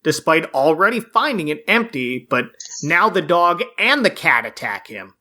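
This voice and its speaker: Bright-voiced man recapping a cartoon. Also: on the high side, very animated, moderate pace. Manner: narrates plot, frequent laughs. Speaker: podcast host. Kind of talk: casual recap chat.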